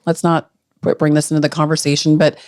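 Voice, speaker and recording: A middle-aged woman, a grieving mother, recalling a painful day in halting, earnest speech with frequent restarts. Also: low voice, level tone, darkish tone, no room sound, clean studio sound. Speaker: grieving mother, podcast guest. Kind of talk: emotional personal recollection.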